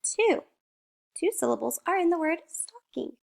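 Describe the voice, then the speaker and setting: Slow, gentle-paced woman teacher. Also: very high voice, lively intonation, vocal fry. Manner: drawn-out word modelling, questions then answers. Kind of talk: slow, encouraging phonics lesson for young children.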